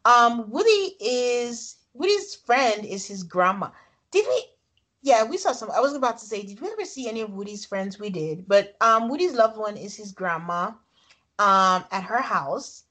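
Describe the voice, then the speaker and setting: Higher-voiced woman recapping a reality show. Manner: animated storytelling, frequent laughs. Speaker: podcast co-host. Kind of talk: casual recap chat.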